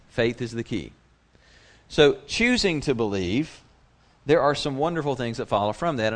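A male pastor preaching a sermon in a conversational way, slipping into the voices of the people he quotes. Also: medium pitch.

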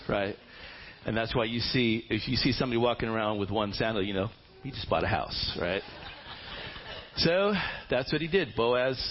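A man's voice: lowish voice, highs cut off, a little hiss or hum. Casual storytelling male preacher. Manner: casual, humorous, animated. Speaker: pastor. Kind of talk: sermon storytelling. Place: church.

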